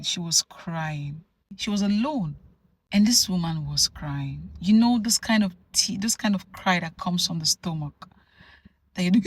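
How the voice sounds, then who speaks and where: A woman from Nigeria telling a personal story to camera in an animated, conversational way, full of asides. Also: on the low side, husky, no echo. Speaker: vlogger. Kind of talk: storytelling vlog.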